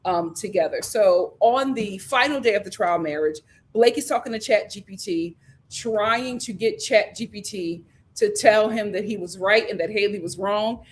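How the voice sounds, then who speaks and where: A woman hosting a casual recap vlog, telling the story in a lively way and acting out what people said, with filler ums. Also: mid-range voice, moderate pace, slight background noise. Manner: lively storytelling, acts out quotes. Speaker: host.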